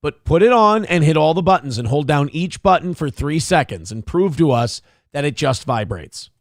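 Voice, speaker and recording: Brief: male host, higher-pitched voice, dry close sound, angry mocking commentary, swears a lot. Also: lively intonation, moderate pace, no room sound. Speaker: show host. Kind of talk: profane commentary reacting to a clip.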